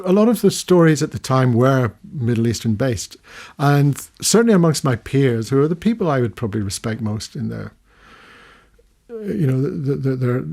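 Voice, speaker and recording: An older man, a retired documentary filmmaker from the United Kingdom, recounting his career as a guest in a long-form radio studio interview, animated and full of restarts. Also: mid-range voice. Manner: storytelling, animated when recounting, many restarts.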